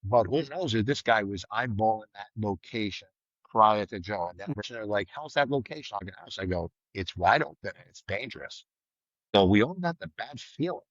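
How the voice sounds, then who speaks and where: A man's voice: lowish voice, expressive, moderate pace, no room sound. Middle aged guy telling a story, blunt, swears, voices people he's quoting, kinda dull dry recording. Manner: vivid, blunt, acts out quoted lines loudly, swears. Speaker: retired state trooper guest. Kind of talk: casual storytelling in a podcast interview.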